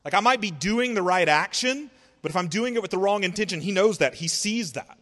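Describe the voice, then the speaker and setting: A man preaching a sermon in an expressive, conversational way, asking rhetorical questions and drawing out words. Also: high voice, a little fast, in a large hall. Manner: conversational, sarcastic asides. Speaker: pastor.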